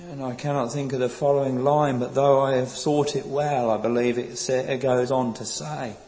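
A man preaching a sermon in a slow, earnest, pleading way, quoting old scripture. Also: medium pitch, steady tone, mellow, low-quality recording.

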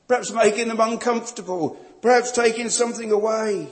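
A man's voice: sits high, fairly even intonation, brisk. A man preaching a sermon in a solemn, emphatic way, building each point through repeated phrases. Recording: long reverb of a large hall.

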